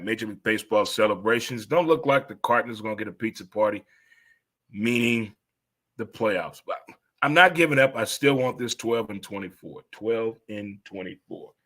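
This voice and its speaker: In a casual sports talk monologue, a man in his fifties speaks briskly in a bright, forceful voice. He rambles and exclaims, breaking into sudden high-pitched outbursts.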